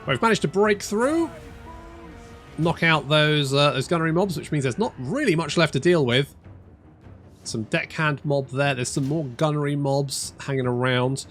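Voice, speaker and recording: Faint music sits behind this man's fairly bright, high-leaning voice at normal speed. Playing a strategy game for a let's play, he thinks out loud in a casual way, starts sentences over, swears without restraint and jokes dryly at his own expense.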